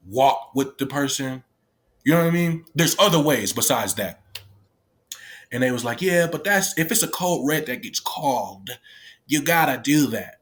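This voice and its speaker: A man giving a candid personal account of his time as a youth detention worker, halting and restarting often and swearing freely. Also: medium pitch, fairly bright tone. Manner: profane, halting speech with many restarts.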